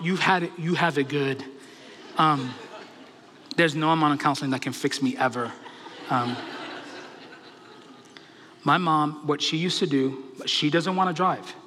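A male pastor preaching a sermon, animated and humorous, telling stories to his congregation. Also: fairly high pitch, long reverb tail, a little hiss or hum.

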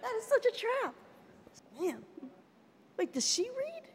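A woman's voice: extremely high pitch, wildly swooping pitch, a little slow, in a large hall. A woman hosting a podcast and comedy chat, telling stories with dry, sarcastic humor. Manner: wry, sarcastic storytelling. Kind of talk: casual chat.

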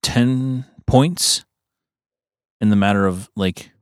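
A man's voice: fairly low pitch, slow pace, clear, resonant tone, dry recording, studio quality. A man co-hosting a podcast, telling a story in casual chat, laughing often, swearing, and using many fillers. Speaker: podcast co-host.

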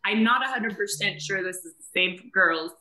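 A woman's voice: mid-range voice, normal speed, pushed and bright, roomy sound, low-quality recording. A woman hosting a podcast, asking questions in an upbeat, chatty way. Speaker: podcast host. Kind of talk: casual chat.

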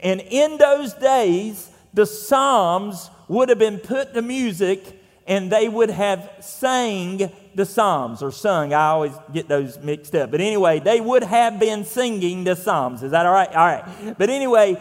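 A Southern US man preaching a sermon in a relaxed, folksy, conversational way, often pausing on fillers. His voice sits high for a man, and a long reverb from a large church room trails every phrase. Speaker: pastor.

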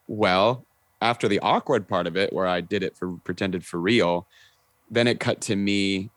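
Deep-voiced man telling animated stories. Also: normal speed, no room sound. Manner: animated storyteller, acting out quotes, frequent "like" and swearing. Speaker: podcast guest, actor. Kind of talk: casual chat, storytelling.

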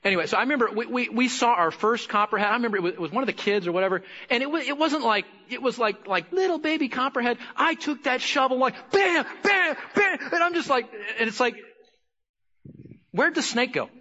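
A man preaching a sermon in a high, bright voice. He swings from quiet, conversational asides to loud, emphatic bursts. The recording sounds a little dull and lo-fi. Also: quick pace, hardly any pauses. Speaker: pastor.

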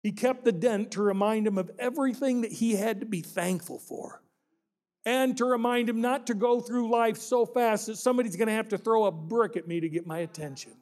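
A man's voice: high voice, fairly quick, darkish tone. A man preaching a sermon as pastor, telling a story and acting out the people in it. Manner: storytelling, acts out quoted voices with rising intensity.

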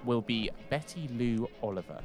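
A man's voice: mid-range voice, expressive, moderate pace, over music. An English man hosting a casual history podcast, rambling and correcting himself as he goes. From England. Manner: rambling, self-correcting, chatty. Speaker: podcast host.

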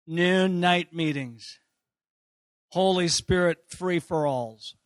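A man preaching a sermon, telling a story in an animated way with frequent laughter and sudden shouted outbursts. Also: sits high, takes it slowly, dry recording, clean studio sound. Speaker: pastor.

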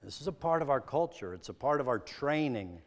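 A preacher from the American Midwest giving a sermon, asking probing, earnest rhetorical questions. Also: male voice, medium pitch, lively intonation, fairly quick, big-room sound.

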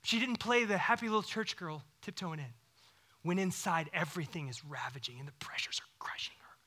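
A man in his thirties preaching a sermon, animated, swinging between loud bursts and hushed whispers. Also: sits high, fairly quick. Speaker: pastor.

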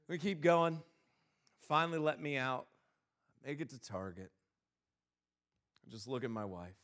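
A male pastor telling a funny personal story, then preaching a sermon with a lively, exasperated manner. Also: medium pitch, unhurried, long pauses, a faint crowd.

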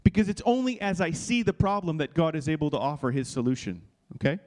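A man's voice: on the high side, fast. A man pastor teaching in a sermon style, earnest and confessional, often restarting phrases and checking in with listeners.

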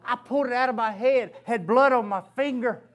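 A preacher with a notably high voice delivers his sermon as a lively story. He often breaks into laughter mid-sentence as he talks to the congregation. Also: fairly quick, dull audio. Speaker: pastor.

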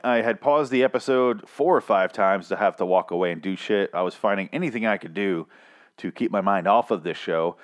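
Rambling, foul-mouthed man recapping a show. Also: fairly low pitch. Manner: rambling, sarcastic, swears a lot, stumbles over words. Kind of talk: casual profane recap monologue.

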